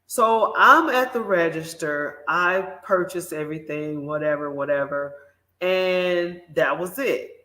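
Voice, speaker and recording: A woman host shares a personal story at an easy, unhurried pace. She talks with animated emphasis, turning often to address her audience. Her voice rings in a roomy, echoing space. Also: fairly low pitch. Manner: animated, emphatic, speaks directly to listeners. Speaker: morning show host. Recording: roomy echo.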